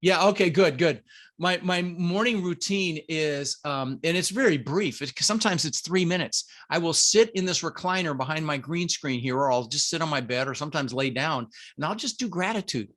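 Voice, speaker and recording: A middle-aged man with a fairly high voice, speaking from a room at home. He is a punchy, emphatic interview guest who drives each point home and keeps calling his listeners "guys". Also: normal speed, fairly bright tone. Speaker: guest, business coach. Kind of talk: energetic motivational interview talk. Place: home room with green screen.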